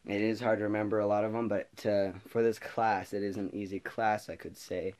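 A teenage boy spins a casual story from his school days, with a fairly low voice. He rambles, restarts and laughs as he talks to his viewers. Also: brisk. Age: teens. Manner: rambling, laughing, animated retelling. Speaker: vlogger.

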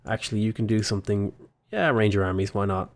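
A man's voice: lowish voice, fairly even intonation, fast talker. Chatty Australian man narrating his game. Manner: chatty, rambling, talks to units. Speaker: gaming YouTuber. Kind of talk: casual let's-play commentary.

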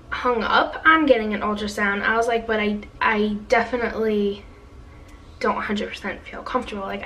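A woman's voice: mid-range voice, pushed and bright, distant mic, slight background noise, poor audio. A young woman telling a long personal story in a casual vlog, chatty, with lots of fillers as she quotes what others said. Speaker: vlogger.

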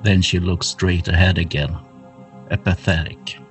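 Deep, slow-talking game master. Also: male voice, fairly even intonation, music in the background, rough recording. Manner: measured with frequent uh fillers. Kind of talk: narrating a tabletop horror game.

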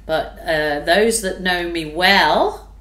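A woman from Australia chats to her viewers as she paints, gushing and exclaiming over what she sees. Her bright voice drawls slowly. The room around her is echoey. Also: fairly low pitch. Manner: gushing, exclamatory, drawn-out delight. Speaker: fluid art painter. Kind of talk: casual narration while painting.

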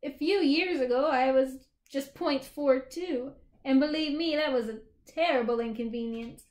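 Precise, cheerful storybook boy, high-pitched and explaining, read by a woman. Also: a little slow, a little mellow, echoey room. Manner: matter-of-fact, explaining. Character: precise, cheerful little boy who is half a child.

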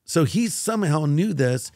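A man's voice: on the high side, moderate pace, no echo, clean studio sound. An older man, a guest pastor, telling a personal story in an interview and acting out the voices of the people in it. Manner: animated storyteller who acts out quoted voices.

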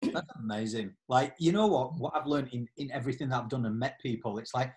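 Interviewer, mid-pitched voice, soft and encouraging, conversational questions. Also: quick pace.

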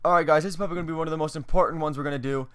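A man's voice: on the high side, fairly even intonation, rapid-fire, a crowd in the background. A young man hosting a casual video, chatting loosely and a little self-mockingly between countdowns. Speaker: video host.

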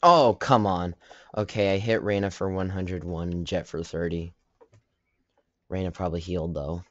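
A man's voice: sits low, little pitch movement, moderate pace, darkish tone, no room sound. A man giving casual, self-deprecating commentary over his own online match, with joking asides. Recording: dull lo-fi dry sound.

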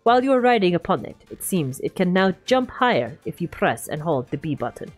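A calm adult male scientist played by a woman speaks in a put-on Russian accent. His delivery is measured and formal, as if giving careful instructions over a video call in a game. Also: fairly low pitch, faint music behind.

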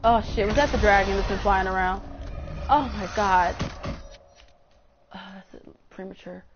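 Over a noisy, dull lo-fi mic, a young woman gives live gameplay commentary, talking with her viewers and letting out swears and shrieks each time she's in danger. Her voice is medium-pitched and moderately paced.

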